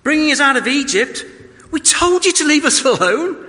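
A man voicing panicked, complaining Israelites in high, exasperated, comically whining tones. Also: big pitch swings, moderate pace, sharp tone, big-room sound, full character voice. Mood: whiny panic.

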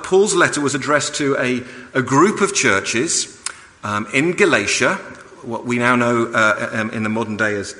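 A man preaching a sermon, animated and rising in pitch when he quotes the apostle. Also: long reverb tail.

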